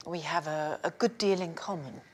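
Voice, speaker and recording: An actress playing a guarded, soft-spoken young woman. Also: low voice, normal speed, a little hiss or hum, lightly acted. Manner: soft, hesitant, often half-whispered. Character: quiet, guarded young woman with a dark family past.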